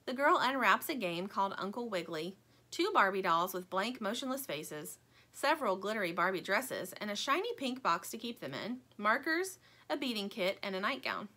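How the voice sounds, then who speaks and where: A woman narrating a children's book in an expressive, playful storytelling manner. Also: mid-range voice, moderate pace. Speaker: audiobook narrator.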